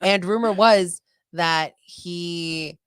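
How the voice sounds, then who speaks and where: A young woman co-hosting a podcast, chatting casually and telling animated stories with quoted asides. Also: lowish voice, very slow, clear, resonant tone, no echo, clean studio sound. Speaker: podcast co-host. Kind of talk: casual chat.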